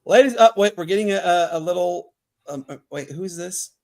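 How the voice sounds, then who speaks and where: A man from Mobile, Alabama with a Southern accent, hosting a casual sports podcast and telling stories in an animated way, laughing often. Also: sits high. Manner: animated, laughing, quick asides. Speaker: podcast host. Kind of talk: casual chat, storytelling.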